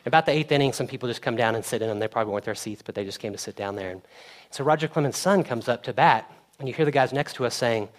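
Young man, pastor preaching, mid-pitched voice, relaxed chatty delivery. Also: very fast. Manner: conversational, animated when storytelling. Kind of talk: sermon.

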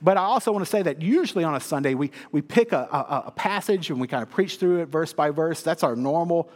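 A male pastor giving a sermon in a church, telling stories with lively humor. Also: fairly high pitch, fast. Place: church sanctuary. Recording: long hall reverb.

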